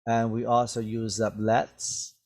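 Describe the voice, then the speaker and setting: A man's voice: on the low side, monotone, a little mellow. A man teaching an English vocabulary lesson, patiently checking his students' understanding as he goes. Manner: slow, patient, checks understanding with "right?" and "okay?".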